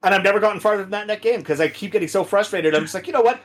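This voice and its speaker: A young man with a fairly high, husky voice chats as a podcast guest. He tells stories in an animated way, swearing freely and laughing often. The tone is loose and conversational. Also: rapid-fire. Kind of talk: casual chat.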